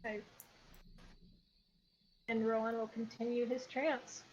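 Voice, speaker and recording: A woman playing a tabletop game, talking in a hesitant, halting way. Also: on the high side, little pitch movement, a little mellow. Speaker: player. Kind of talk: casual tabletop game chat. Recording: dull lo-fi mic with faint background noise.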